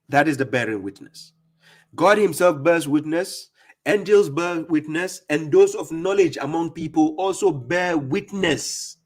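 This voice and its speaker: A man giving scolding religious commentary on a live stream, mocking opponents and reading verses slowly. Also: a little high. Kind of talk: preaching commentary on played clips.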